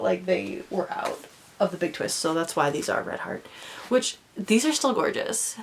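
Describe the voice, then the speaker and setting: A bubbly young woman talks in a loose, rambling way, full of fillers, now and then slipping into a soft whisper. Her pitch sits in a middle range, and a faint hiss runs under her voice. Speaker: doll vlogger. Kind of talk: casual chat.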